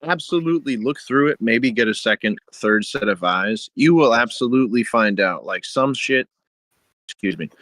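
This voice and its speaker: A man's voice: medium pitch, lively intonation, normal speed, a bit bright, no echo. A man co-hosting a casual podcast chat, agreeing emphatically and giving advice. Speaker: podcast co-host.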